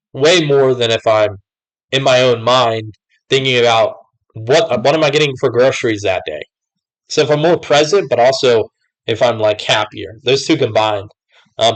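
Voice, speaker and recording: Talking to camera in a loose vlog, this young man drifts through recent events, stuffing his speech with "like" and "whatever." He speaks in a mid-range voice, and the audio quality is poor.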